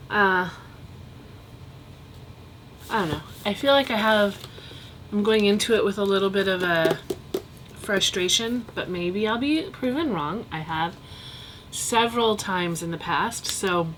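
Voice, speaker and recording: A woman with a mid-range voice talks through her reading in a relaxed vlog. She is chatty and candid, and she gives blunt opinions as she thinks aloud. A faint ambient hum sits behind her. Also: medium pitch. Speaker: book vlogger. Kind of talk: casual book review vlog.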